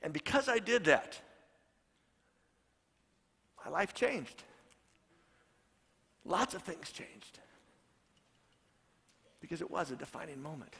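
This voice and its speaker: Bright, high-voiced man preaching in a hall. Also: sing-song, takes it slowly, vocal fry, pauses often, slightly rough. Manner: storytelling, repeats his points for emphasis. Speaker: pastor. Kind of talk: sermon.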